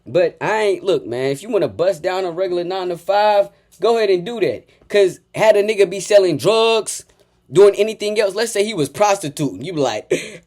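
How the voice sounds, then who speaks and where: A man giving a heated, profane reaction rant, taunting and repeating insults, swinging from low mutters to loud outbursts. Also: animated, normal speed. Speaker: reaction commentator.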